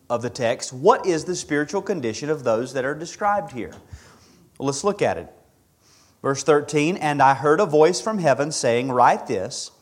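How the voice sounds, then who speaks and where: Man preaching, slightly high voice, measured emphatic sermon delivery. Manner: measured, emphatic expository preaching with repeated phrases.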